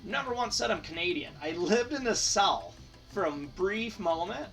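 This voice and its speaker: Sorting and counting hockey cards out loud for his channel, a Michigan man chats in a casual way. His high, fairly bright voice has lively intonation, a moderate pace and vocal fry, recorded far from the mic with faint music in the background.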